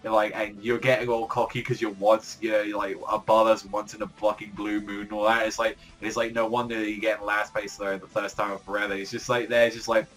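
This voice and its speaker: A man's voice: lowish voice, level tone, a little fast, few pauses, fairly bright tone, faint music behind. A man reviewing a comic chapter in casual, rambling commentary, full of fillers and swearing. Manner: rambling, heavy filler words, swears often. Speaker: manga reviewer.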